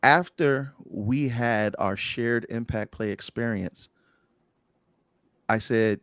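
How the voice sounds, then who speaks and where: A man telling candid stories in a casual chat, playful and bold, his voice jumping up when excited. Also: mid-range voice, takes it slowly, pauses often, no echo, clean studio sound. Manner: animated storyteller, playful and bold. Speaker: podcast guest.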